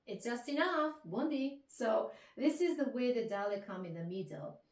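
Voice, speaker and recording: A woman who speaks Italian as her first language and has an Italian accent, teaching in an interview in expressive, halting English with many restarts. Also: on the high side. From Italy. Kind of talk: conversational interview. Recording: roomy, distant mic.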